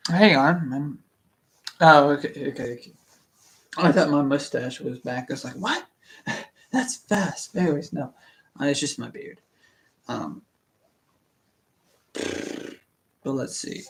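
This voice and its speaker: A man's voice: medium pitch, very animated, measured pace, creaky, long pauses. A young man hosting a casual book reading stream, rambling and stammering with many fillers and restarts. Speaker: book reading channel host. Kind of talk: casual rambling livestream chat.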